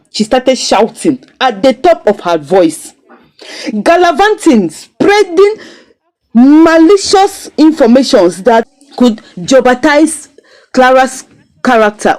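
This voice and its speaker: A woman recapping and critiquing a drama series in a casual, storytelling way. Her voice is fairly high but dark and mellow, with very lively rises and falls in pitch. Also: rough recording. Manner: animated, expressive storytelling. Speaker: series reviewer.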